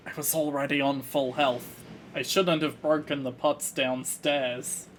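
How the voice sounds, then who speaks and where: A man's voice: medium pitch, steady tone, a little slow, slight background noise. A man casually commentating his video game playthrough, musing through his moves with a slight frog in his throat. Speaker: let's play host.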